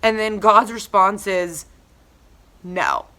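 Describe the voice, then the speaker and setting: A woman's voice: mid-range voice, normal speed. A young woman giving a casual church devotional, reading scripture and then talking it through in a chatty way full of fillers. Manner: chatty, filler-heavy, animated retellings.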